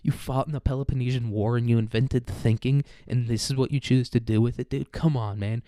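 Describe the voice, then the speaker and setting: A man's voice: medium pitch, fairly even intonation, fairly quick, warm tone, no echo, studio quality. A man ranting in a rambling, profane comedic monologue, tossing in "dude" and "man" often. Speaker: comedic commentator.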